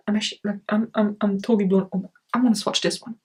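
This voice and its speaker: A woman's voice: mid-range voice, fairly even intonation, fast talker, few pauses, darkish tone. A woman vlogging an unboxing at home, gushing and gasping over what she finds, talking into a camera mic. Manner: gushing, gasping, breathy exclamations. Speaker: beauty vlogger. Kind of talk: excited unboxing vlog. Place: home, indoors.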